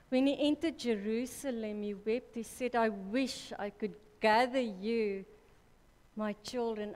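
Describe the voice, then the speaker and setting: A woman preaching a sermon at a church women's conference, slow and deliberate, correcting herself mid-sentence. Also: medium pitch, a little mellow. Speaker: conference speaker. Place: church hall. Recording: reverberant church hall.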